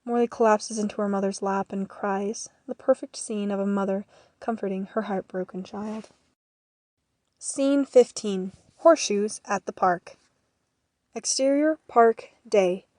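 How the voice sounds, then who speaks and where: A woman narrating the scene directions of an audio drama in a measured, matter-of-fact way. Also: medium pitch, darkish tone, no echo.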